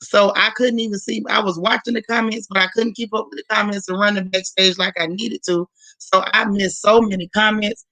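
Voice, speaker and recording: A hoarse woman hosting a livestream in casual chat, warmly greeting viewers by name one after another. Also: mid-range voice, steady tone, a little fast, few pauses, no echo, poor audio. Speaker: livestream host.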